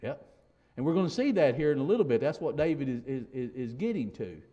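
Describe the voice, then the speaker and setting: A man's voice: mid-range voice, big pitch swings, quick pace, warm tone, highs cut off. A male pastor preaching a sermon in a conversational way, with frequent restarts and "you know"s, then rising to emphatic declarations.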